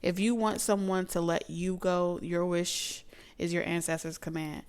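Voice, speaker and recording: Chatty low-voiced woman with a gravelly edge. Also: fairly even intonation, measured pace. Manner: chatty and emotive, drawls and slips into soft asides. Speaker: tarot reader and psychic medium. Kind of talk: casual tarot reading.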